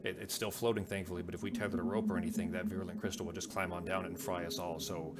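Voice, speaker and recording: A man's voice: low-pitched, little pitch movement, rapid-fire, heavy background noise, lightly acted. A man voicing a solemn, awkward male engineer who hesitates and trails off, with music behind. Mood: worried.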